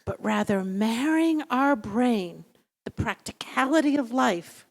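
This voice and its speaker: A middle-aged woman rabbi giving a storytelling sermon in a synagogue, speaking slowly and in a measured way and sometimes dropping to a near-whisper. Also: on the high side, lively intonation, creaky. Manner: acts out the dialogue of her story; slow, measured teaching with soft near-whispers. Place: synagogue sanctuary. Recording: long reverb of a large hall.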